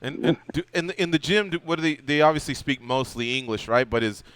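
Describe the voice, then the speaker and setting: A man's voice: fairly high pitch, fast, a bit bright, clear, resonant tone, no echo. A male radio host chatting casually about fighting, joking and teasing his guest. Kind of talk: casual sports radio chat.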